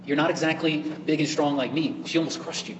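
A man's voice: a little high, steady tone, fast, echoey room, in a large hall, slight background noise, natural voice, low-quality recording. A man playing a big, strong, confident policeman within a sermon story.

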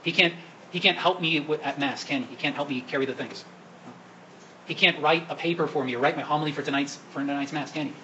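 A man's voice: on the high side, fast talker, pushed and bright, muffled recording, slight background noise. A man preaching a sermon at Mass as the priest, asking the congregation questions and coaxing them to answer. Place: church during Mass.

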